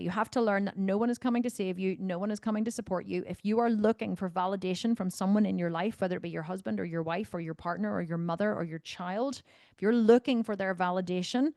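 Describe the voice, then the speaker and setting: A Northern Irish woman coaching members on a video call, talking bluntly and with plenty of swearing, dropping into low asides and then bursting out loudly. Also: dry recording, clean studio sound. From Northern Ireland. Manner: blunt and profane, animated, swinging between low asides and loud outbursts. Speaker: fitness coach answering member questions. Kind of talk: casual Q&A on a group video call. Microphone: video call microphone.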